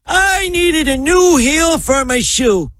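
Cartoon old grandpa, super high wobbly voice that swoops around, drags along slow, dry sound. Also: male voice, animated, fairly bright tone, dry recording, exaggerated voice. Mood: rambling. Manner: slow, meandering storytelling. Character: rambling elderly grandfather, cartoon old man.

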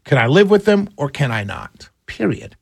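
This is a male radio host with a high-pitched voice, talking straight at his audience. He hammers his points with repetition and a lecturing tone. The sound is close and dry, with no room echo. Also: big pitch swings, normal speed, creaky, darkish tone, husky. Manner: emphatic, repetitive, lecturing listeners. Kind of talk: political commentary monologue.

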